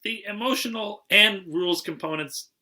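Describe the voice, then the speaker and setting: A man with a bright, fairly high voice talks through a movie plot in loose conversation. He restarts sentences often and lets his lines trail off quietly. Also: normal speed. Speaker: podcast co-host. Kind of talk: casual movie chat.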